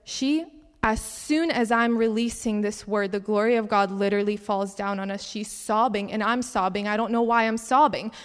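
A young woman giving an animated personal testimony at a church gathering. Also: medium pitch, normal speed, smooth. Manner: animated storytelling with laughs. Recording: long hall reverb.

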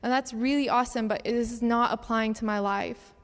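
A fairly high-voiced young woman gives an earnest, chatty testimony in a church hall. Her words carry a long, lingering reverb. She talks casually, with plenty of fillers. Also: steady tone, a little fast. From Cincinnati, Ohio. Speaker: ministry speaker. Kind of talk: sermon testimony.

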